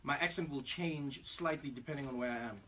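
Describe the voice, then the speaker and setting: A South African man chatting as a radio studio guest, an animated storyteller who slips into voices. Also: mid-range voice, brisk, distant mic, slight background noise. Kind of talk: casual radio chat.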